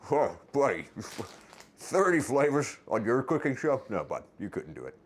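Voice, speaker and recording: A man voicing a dismissive male grocery cashier in a low, drawling, skeptical tone. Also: very animated, measured pace.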